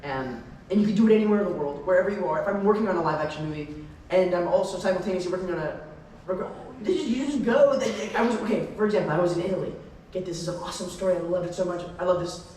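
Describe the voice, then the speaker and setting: A young man on a convention panel, telling rambling, excitable stories full of tangents and laughter. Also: sits high, rapid-fire, recorded from a distance, a little hiss or hum. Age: young adult. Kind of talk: rambling anecdotal Q&A. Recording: echoey hall, mic heard from afar.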